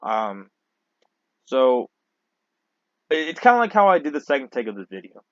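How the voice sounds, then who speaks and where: A young man rants into his camera in a loose, rambling way, swearing often and restarting his sentences. His voice sits in a middle pitch, and the recording is dry and a little dull. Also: sing-song, moderate pace, fairly bright tone, no room sound. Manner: profane, rambling, with frequent restarts and fillers. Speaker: vlogger. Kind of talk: casual ranting monologue to camera.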